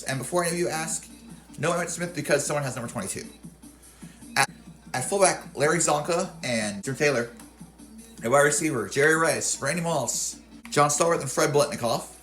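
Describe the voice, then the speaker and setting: A man's voice: medium pitch, pushed and bright. A young man hosting a casual video game commentary, reading off rosters and stats and often correcting himself. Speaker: video game channel host.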